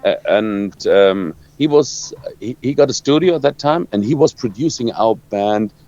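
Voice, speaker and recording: A man from Germany with a German accent, a rock guitarist answering interview questions in halting English, searching for words and restarting often. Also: fairly low pitch, animated, dark tone. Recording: dull lo-fi dry sound.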